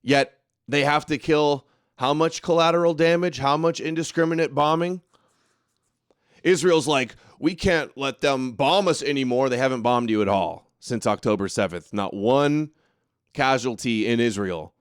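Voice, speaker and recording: A man's voice: mid-range voice, normal speed, smooth, no echo, clean studio sound. A man hosting a casual political commentary livestream, talking in a sarcastic, mocking way, reading viewer comments aloud and ranting indignantly. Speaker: livestream show host.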